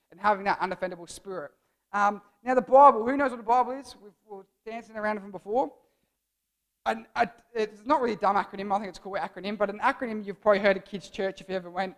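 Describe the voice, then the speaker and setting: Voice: mid-range voice, very fast. A young adult giving a casual, jokey youth sermon as a church speaker, rambling and playful.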